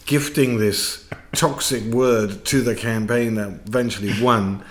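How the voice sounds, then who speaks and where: A man, a podcast guest, telling anecdotes in animated fashion and laughing mid-sentence. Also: medium pitch, a little slow. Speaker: podcast guest, political campaigner. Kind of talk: casual interview anecdotes.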